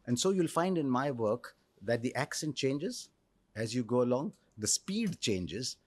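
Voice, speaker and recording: A man in his sixties with an Indian English accent, telling stories in a reflective interview with measured pauses. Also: mid-range voice, big pitch swings. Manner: articulate storyteller, measured pauses. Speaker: cricket commentator, interview guest.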